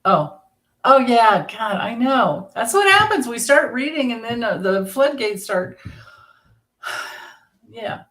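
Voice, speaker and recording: A woman's voice: fairly high pitch, big pitch swings, takes it slowly, long pauses, a bit bright. Chatty middle-aged woman greeting livestream viewers. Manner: chatty, greets viewers by name, laughs often. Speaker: tarot reader hosting a livestream. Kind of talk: casual livestream chat.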